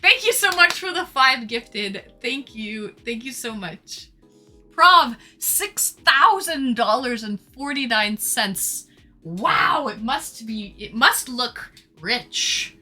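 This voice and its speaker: Canadian woman, live stream host, very bright voice, slow unhurried talk, faint music behind. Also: on the high side, expressive. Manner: chatty, reads out viewer comments and thanks them. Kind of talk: casual live chat with viewers.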